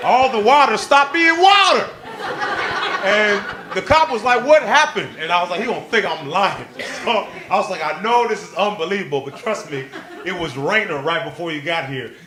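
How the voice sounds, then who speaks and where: A male stand-up comedian performing a live set on a club stage, excitable and playful, working the crowd and leaping into squealing quoted voices. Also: high-pitched, fairly quick. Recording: live club recording with crowd laughter and noise.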